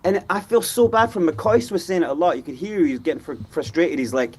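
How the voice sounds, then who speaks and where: A man's voice: on the high side, a little fast, a little hiss or hum. A man hosting a football fan reaction show, talking passionately and with frustration, often acting out what players said. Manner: animated, frustrated, acts out players' voices.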